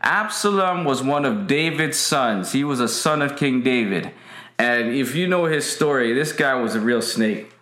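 A man's voice: mid-range voice, expressive, normal speed, a bit bright. Man preaching, emphatic, repetitive, roomy echo. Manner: emphatic, repetitive, greets viewers by name. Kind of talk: livestream sermon.

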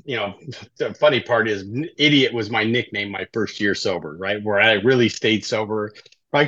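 A middle-aged man with a fairly low voice tells his story as a podcast guest, casual and chatty, and keeps checking in with "right?". The recording sounds dull and lo-fi. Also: lively intonation, normal speed, sharp tone. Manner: conversational, often tags sentences with "right?". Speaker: podcast guest, life coach in recovery.

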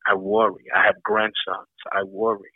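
A man's voice: on the low side, little pitch movement, moderate pace, slightly rough, dry recording. An older man speaking as an interview guest, reflective and emphatic, piling up repeated lists to drive his points home. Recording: dry tinny phone-like line.

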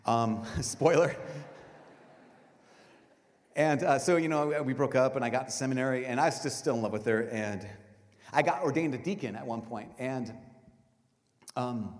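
Man, middle-aged priest, sermon, animated storytelling, loud to hushed, long hall reverb. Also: mid-range voice.

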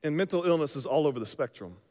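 Male pastor, casual slang-filled sermon, high voice, echoing sanctuary. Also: animated, quick pace, dark tone. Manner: conversational, joking preacher with casual slang. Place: church sanctuary. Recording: long reverb of a large hall.

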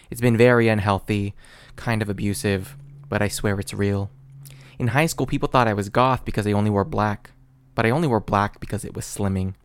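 A man's voice: on the low side, no room sound. Brief: young man, dry self-mocking comic essay read, close and dead-dry sound. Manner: self-deprecating, deadpan delivery. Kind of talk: comedic personal essay read aloud.

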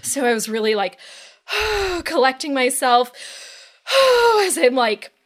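A woman talking on a podcast, telling her story with plenty of energy. Her voice sits a little high and swings widely up and down as she acts out her own earlier thoughts. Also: sing-song, slow pace. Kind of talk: casual podcast conversation.

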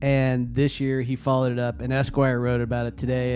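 A man's voice: medium pitch, monotone, moderate pace, hardly any pauses, a little mellow, faint music behind. A man co-hosting a casual chat show, talking hesitantly with many fillers and restarts. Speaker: co-host.

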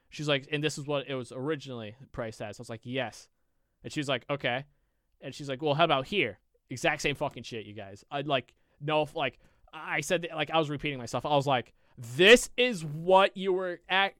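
A man's voice: medium pitch, fairly bright tone, dry recording. A young man co-hosting a podcast, telling a long rambling story full of swearing and "I was like". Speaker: podcast co-host. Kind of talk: casual storytelling chat.

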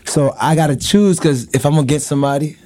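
A middle-aged man in casual chat, animated and laughing often, acting out loud quotes. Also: a little high, fast.

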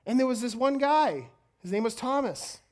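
A woman preaching a sermon in an energetic way, often stumbling and repeating words as she goes. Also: on the high side, moderate pace.

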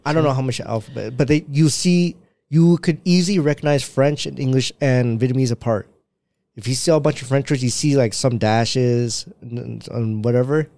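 A man's voice: medium pitch, moderate pace, mellow, no echo. A man in casual chat, patiently explaining things and laughing often.

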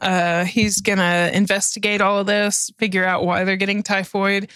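A woman's voice: mid-range voice, flat delivery, normal speed, fairly bright tone, clean tone, dry recording. A woman co-hosting a podcast, telling a history story in casual chat, giggling often and swearing casually. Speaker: podcast co-host.

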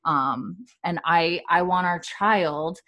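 A woman's voice: on the low side, slow pace, bright, forceful tone. A woman quoting a young pregnant wife who hesitates and stumbles over her words, lifting her voice for the part. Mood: earnest. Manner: hesitant, with stammered restarts.

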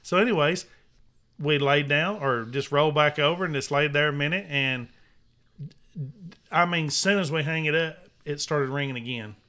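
A man's voice: a little high, normal speed, bright, forceful tone. A man with a Southern US accent co-hosting a casual talk show, folksy and chiming in to finish his partner's sentences. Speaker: podcast co-host. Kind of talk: casual storytelling chat.

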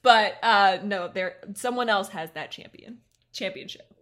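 A woman's voice: medium pitch, unhurried, a bit bright. A woman co-hosting a podcast, giggly, playful and self-deprecating in casual chat. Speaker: podcast co-host.

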